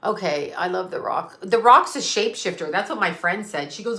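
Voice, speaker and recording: A woman's voice: mid-range voice, lively intonation, a little fast, bright, forceful tone. A middle-aged woman ranting on an unscripted live stream, blunt, profane and sarcastic. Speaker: psychic medium live streamer.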